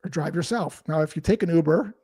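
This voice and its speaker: A man's voice: a little high, fast, warm tone, slightly rough, no room sound, clean studio sound. A man being interviewed as a sales expert, explaining his ideas through anecdotes and quoted dialogue. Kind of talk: conversational interview storytelling.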